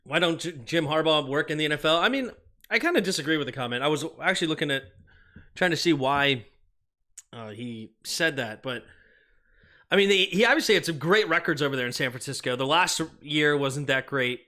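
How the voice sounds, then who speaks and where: His voice sits a little high, expressive and pushed bright, moving a little fast as he hosts a sports livestream. He calls football plays in short bursts and reads viewer comments aloud before answering them.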